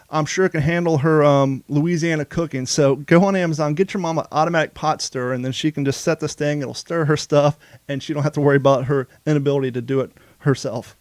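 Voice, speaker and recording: A man's voice: fairly high pitch, clear, resonant tone, no room sound, clean studio sound. A man co-hosting a podcast, talking casually and rambling with frequent restarts. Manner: rambling, self-interrupting. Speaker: podcast co-host.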